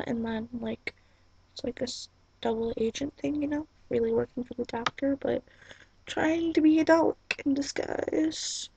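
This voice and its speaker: A woman's voice: fairly high pitch, creaky, a little mellow, husky, dry recording, muffled recording. A young woman vlogging in casual, rambling chat, giggly and apologetic, with lots of "like" and "um", on a webcam mic in a small room at home.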